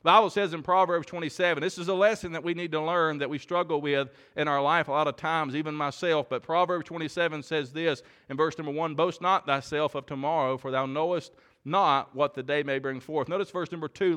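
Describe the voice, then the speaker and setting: A man's voice: a little high, steady tone, fairly quick, fairly bright tone. A man preaching a sermon, earnest and often repeating words as he builds a point. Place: church.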